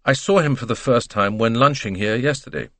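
A calm, reserved young Englishwoman whose answers are brief and composed, as a male reader puts her on. The voice is lifted a little above his own, recorded close and dry. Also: mid-range voice, fairly quick, no echo, natural voice. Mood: cool. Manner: cool, brief, composed replies.

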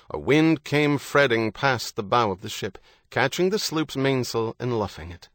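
A man reading a novel aloud in measured, even scripted narration. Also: lowish voice, no room sound. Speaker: audiobook narrator.

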